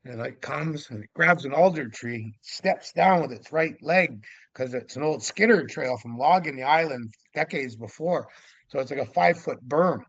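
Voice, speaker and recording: A man telling a story as a podcast guest, in a lively, casual way that acts out the scenes. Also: on the high side, moderate pace, gravelly, no echo. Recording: dull lo-fi audio.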